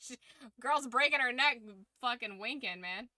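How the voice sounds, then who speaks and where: Bright-voiced tired woman streamer. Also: a little high, animated, normal speed, no room sound, studio quality. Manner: chatty and rambling, swears casually. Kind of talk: casual livestream chat.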